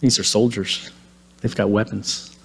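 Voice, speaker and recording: A man's voice: on the low side, little pitch movement, unhurried, creaky, slightly rough. A man preaching, retelling a story dramatically and acting out the quoted lines. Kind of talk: sermon storytelling. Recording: long hall reverb.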